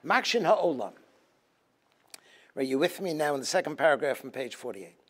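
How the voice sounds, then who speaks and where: Animated rabbi teaching Talmud. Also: male voice, a little high, moderate pace, husky. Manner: switches between Hebrew text and English explanation, animated and emphatic. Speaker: rabbi teaching a Tisha B'Av program. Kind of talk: Talmud lecture.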